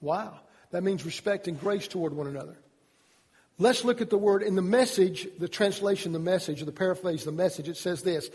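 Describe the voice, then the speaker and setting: A man's voice: high-pitched, brisk, a little mellow, slightly rough, long reverb tail. A middle-aged man from Georgia with a Southern accent, preaching an earnest sermon as pastor, restarting his words often. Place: church sanctuary.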